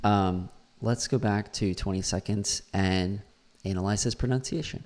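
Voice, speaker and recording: A man's voice: lowish voice, unhurried, darkish tone. A man, an English teacher, critiquing a learner's pronunciation and repeating words aloud to model them.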